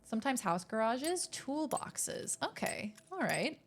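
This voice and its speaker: A young adult woman streaming a game, chatting casually with her chat, excitable and easily rattled. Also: fairly high pitch, measured pace, slight background noise.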